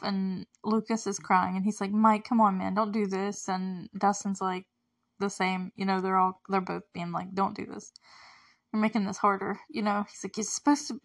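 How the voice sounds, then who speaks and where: A young woman talking through a TV episode in a loose, chatty way. Her voice sits at a middle pitch, and she fills her sentences with likes, ums and quick laughs. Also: vocal fry, fairly bright tone. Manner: chatty, many fillers and likes, laughs often. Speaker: show recapper. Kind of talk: casual recap chat.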